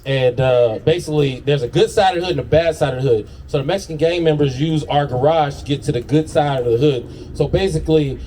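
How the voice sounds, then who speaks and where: A man's voice: a little high, a little fast, hardly any pauses, a little hiss or hum. A man doing a brash stand-up comedy set on an outdoor patio, swearing and laughing through his own lines. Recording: distant mic with loud audience.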